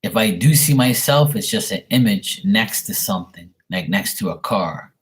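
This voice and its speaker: A man's voice: on the low side, lively intonation, normal speed. A young man doing a live tarot reading on camera, relaying messages in a rambling way full of fillers. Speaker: tarot reader. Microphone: webcam at desk.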